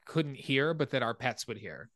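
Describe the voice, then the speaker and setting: Bright-voiced man recapping a film. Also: moderate pace, dry recording, clean studio sound. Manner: animated storytelling, rises in pitch when excited. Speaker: podcast host.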